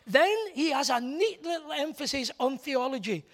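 A man's voice: very high voice, animated, normal speed, few pauses, a bit bright. A middle-aged man preaching a sermon, blunt and emphatic, hammering points home by repeating key words.

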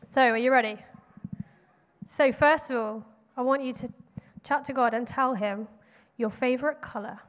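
High, encouraging woman leading children's prayer. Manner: bright, encouraging, paced with pauses. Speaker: children's church leader. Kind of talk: guided prayer for children and families. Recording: long hall reverb.

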